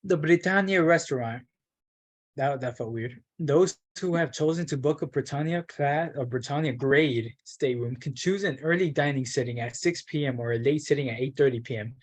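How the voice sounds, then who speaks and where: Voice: mid-range voice, moderate pace. A workshop participant reads a travel brochure aloud, stumbling now and then and breaking off for self-mocking asides.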